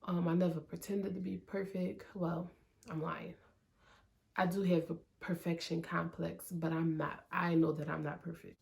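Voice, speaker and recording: A woman's voice: on the low side, vocal fry, darkish tone. A young woman, vlogging candidly about her own life in a conversational way, with many "like"s and "um"s. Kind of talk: candid personal vlog talk. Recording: faint music underneath.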